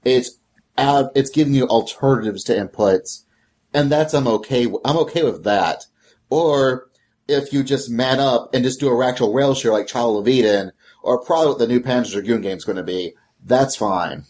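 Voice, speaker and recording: A man's voice: medium pitch, normal speed, darkish tone. A man chatting casually on a podcast about games, easygoing and blunt, with casual slang. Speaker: podcast guest.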